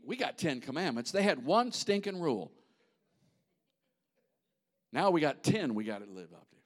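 A man preaching a sermon in an animated, conversational way, with asides to the congregation. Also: on the high side.

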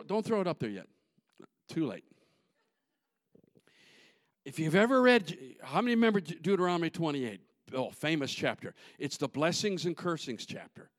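Pastor, male, high tenor, dry close sound, preaches in surges, shouts the peaks, mutters the asides. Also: dry recording. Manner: builds to shouting peaks, drops to low asides; folksy, repetitive, call-and-response. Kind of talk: sermon.

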